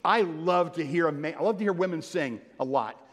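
Animated preacher in an echoing hall. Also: male voice, a little high, brisk. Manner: animated, playful storytelling with sudden loud outbursts. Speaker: pastor. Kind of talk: sermon. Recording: long hall reverb.

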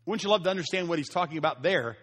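A man's voice: on the high side, racing, a bit bright, slightly rough, big-room sound. A man preaching a sermon as pastor, conversational and emphatic, asking his listeners rhetorical questions.

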